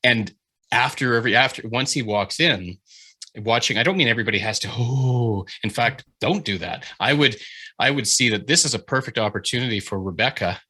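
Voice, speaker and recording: A man leading a writing workshop over a video call, giving an animated, informal critique, swearing freely and often restarting his sentences. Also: medium pitch, brisk, breathy edge.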